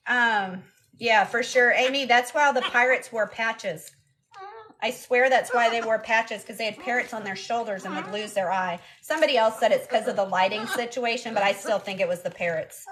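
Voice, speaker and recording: A young woman live streamer keeps things casual, responding to comments and slipping into cooing baby talk for her parrot. Her pitch is fairly high, her tone fairly bright, and she talks at a normal speed.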